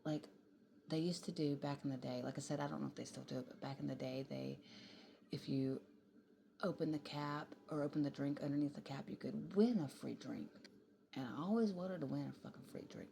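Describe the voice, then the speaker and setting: Tired low woman rambling late at night. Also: a little fast, vocal fry, mellow, slight background noise. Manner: rambling, tired, swears freely, drifts into whispers. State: tired and yawning. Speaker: vlogger. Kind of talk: late-night casual vlog talk. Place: home kitchen at night.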